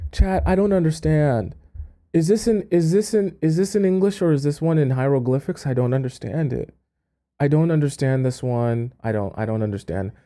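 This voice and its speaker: On his dating-advice live stream, a man whose voice is mellow and on the high side reads out a letter in stammering disbelief. His words trail off into mutters, and he breaks into laughter.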